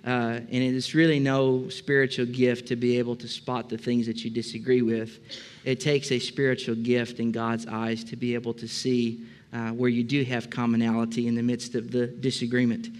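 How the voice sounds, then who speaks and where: A man's voice: medium pitch, little pitch movement, moderate pace, clean tone. Man preaching a casual, filler-laden sermon. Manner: conversational, many filler "uh"s, addresses congregation directly. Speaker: pastor.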